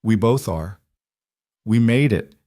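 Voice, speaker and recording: A man voicing a young woman who speaks softly and earnestly. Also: lowish voice, expressive, slow pace, dry recording. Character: young woman, exhausted, tender.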